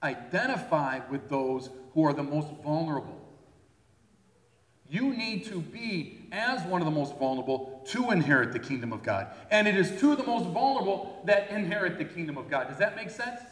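A pastor preaches a sermon conversationally, frequently checking in with his listeners. His voice sits on the high side, very animated and fairly bright, at a moderate pace, echoing through a hall.

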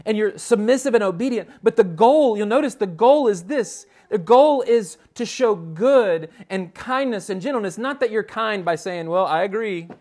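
A man preaching a sermon with a noticeably high-pitched voice. He speaks earnestly and with emphasis, often restarting a phrase to drive his point home. He reads scripture aloud in the same steady preaching voice. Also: moderate pace, hardly any pauses. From United States. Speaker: pastor.

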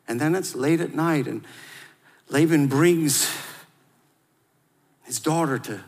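A man preaching a sermon in a lively, conversational way, drawing the audience into call-and-response. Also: a little high, takes it slowly. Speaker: pastor. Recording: long hall reverb.

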